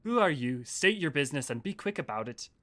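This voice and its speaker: A man's voice: a little high, big pitch swings, fairly quick, a bit bright. A man doing a curt, hostile old settlement leader. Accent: attempted Yorkshire, drifting Scottish. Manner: curt, unwelcoming. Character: gruff wary middle-aged male settlement leader.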